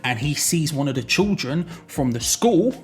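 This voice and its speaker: A man's voice: fairly high pitch, very animated, moderate pace, soft background music. A young man giving a jokey, rambling explainer vlog, often correcting himself mid-sentence. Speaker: YouTuber.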